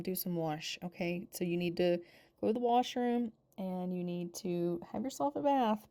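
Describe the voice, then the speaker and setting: A woman's voice: mid-range voice, mellow. Chatty woman narrating a life-sim game. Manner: chatty, narrates and coos at her game characters. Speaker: gaming channel host. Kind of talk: casual gameplay voice-over. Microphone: home voice-over mic.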